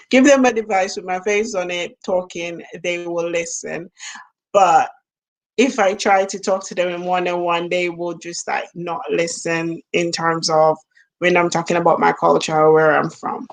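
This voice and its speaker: A woman's voice: fairly low pitch, fairly even intonation, unhurried. A middle-aged woman from Jamaica with a Jamaican accent, talking to camera in a casual, musing vlog, trailing off and laughing at herself. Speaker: vlogger. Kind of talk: casual reflective monologue.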